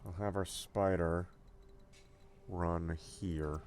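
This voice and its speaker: A man's voice: deep voice, steady tone, very slow, darkish tone, slight background noise. A man streaming a strategy game, thinking aloud casually with fillers and the odd swear word. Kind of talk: gameplay commentary, reading dialogue aloud.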